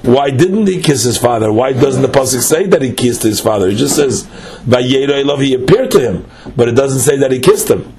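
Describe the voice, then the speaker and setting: A man leads a text study lesson, his voice sitting at an ordinary middle pitch. He reads a phrase, then explains it piece by piece in a patient, questioning way. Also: lively intonation, brisk, a little mellow, slight background noise. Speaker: teacher.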